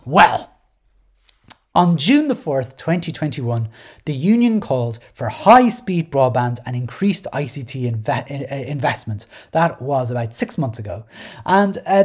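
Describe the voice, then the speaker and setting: A woman's voice: deep voice, darkish tone, slightly rough. A middle-aged woman hosting a podcast, talking in a sardonic, digressive way with many restarts. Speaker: podcast host. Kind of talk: casual solo commentary.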